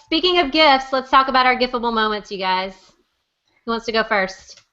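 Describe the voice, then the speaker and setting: A woman co-hosting a casual fan discussion, animated and giggly. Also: a little high, fairly quick, clean tone. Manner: animated, giggly, does impressions. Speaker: podcast co-host. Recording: muffled lo-fi audio.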